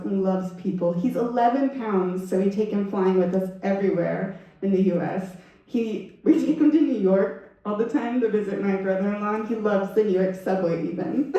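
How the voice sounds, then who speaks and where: A woman giving a storytelling talk at a Sunday service, animated and laughing as she acts out what people said. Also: mid-range voice. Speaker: guest speaker. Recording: echoey hall, voice from far off.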